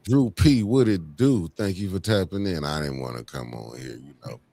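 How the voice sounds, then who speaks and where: Hosting a laid-back livestream chat, this man has a deep, dark-toned voice with lively intonation and a moderate pace. He uses loose slang, welcomes each viewer by name, and keeps things low and easygoing.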